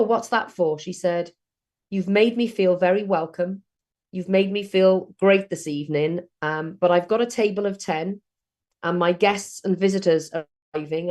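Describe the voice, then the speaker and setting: Woman, middle-aged, chatty storyteller, slightly low voice. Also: a little mellow. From South Wales. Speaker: networking trainer. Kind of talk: online training session.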